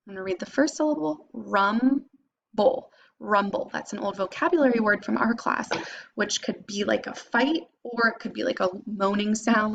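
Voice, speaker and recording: A woman teacher giving a phonics lesson to young students, patiently sounding out syllables slowly and clearly. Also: medium pitch, lo-fi sound, slight background noise.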